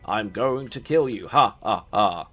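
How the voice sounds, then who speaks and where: A man's voice: lowish voice, animated, a little slow, a bit bright, slightly rough, exaggerated voice. A man voicing a mechanical vampire lord automaton that cackles and taunts. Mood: taunting.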